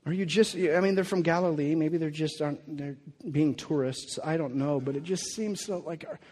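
A man preaching a sermon as a pastor, animated and acting out the voices of the people in his story. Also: on the high side, moderate pace, slightly rough. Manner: animated, acts out quoted voices. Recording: long reverb of a hall.

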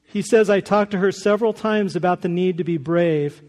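High-voiced earnest preacher in a reverberant hall. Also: male voice, fairly quick, few pauses. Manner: earnest preaching with rising emphatic peaks. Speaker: pastor. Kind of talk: sermon.

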